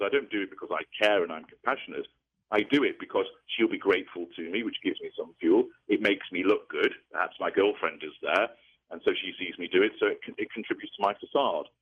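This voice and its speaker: Man, very low voice, methodical lecturing tone, interview guest, thin phone-line sound. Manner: measured, lecturing, methodical explanations. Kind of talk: explanatory interview talk.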